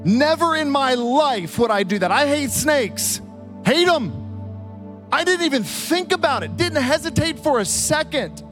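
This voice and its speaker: A man in his thirties with a notably high voice delivers a sermon from a church stage. He tells his stories with animated, vivid energy. Soft music plays faintly behind him. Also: a little slow. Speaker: pastor. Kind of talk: storytelling sermon.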